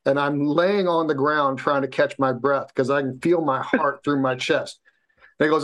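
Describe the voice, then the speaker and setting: A man's voice: a little high, normal speed. A man telling a personal story as a podcast guest, swearing freely and acting out what others said. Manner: animated, swears freely, acts out quotes. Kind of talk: casual storytelling.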